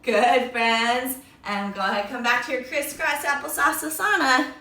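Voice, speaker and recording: In a very echoey room, a kids' yoga teacher speaks a little slowly in a high, bright, sing-song voice, playful and encouraging toward the children. She is far from the mic and sounds some way off.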